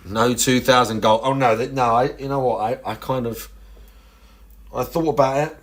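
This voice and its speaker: A man's voice: medium pitch, steady tone, normal speed. A young man chatting casually on a livestream, rambling and crude, with lots of restarts and self-mocking asides.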